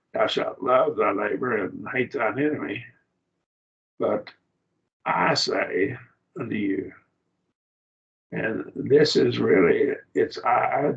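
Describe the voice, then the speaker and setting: A man lectures to a class in a low, gravelly voice, walking through each point plainly and patiently. The recording is dull and lo-fi. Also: a bit bright. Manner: plain, explanatory, with fillers and restarts. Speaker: Bible class teacher.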